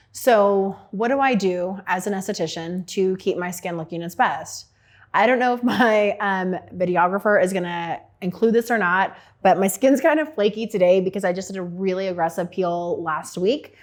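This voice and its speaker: A woman's voice: medium pitch, darkish tone. A middle-aged woman, an esthetician, talking casually and frankly about her skincare routine, with plenty of fillers. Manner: chatty and frank, with lots of fillers.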